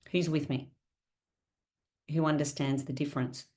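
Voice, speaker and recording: A woman leading a live online training for her sales team over a video call, chatty and lively, often asking her listeners questions. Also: fairly low pitch, unhurried.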